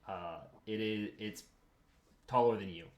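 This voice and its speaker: A man running a tabletop game as game master, describing scenes patiently and reading in-world text out slowly. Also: on the low side.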